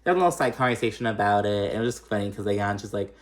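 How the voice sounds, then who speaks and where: A man's voice: on the low side, lively intonation, very fast. A man giving a casual recap of a reality TV episode, chatty and profane, with lots of fillers and shady asides.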